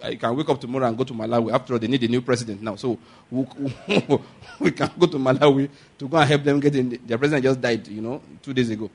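A man's voice: mid-range voice, fast, a little mellow, slightly rough. A man preaching a sermon as a pastor, emphatic and often asking the congregation for an amen. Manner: emphatic, asks the congregation for amens.

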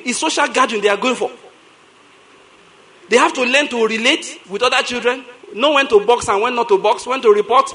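A middle-aged Nigerian man with a Nigerian English accent, a pastor preaching a sermon in an animated storytelling way, repeating lines for emphasis. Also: extremely high pitch, fast, low-quality recording.

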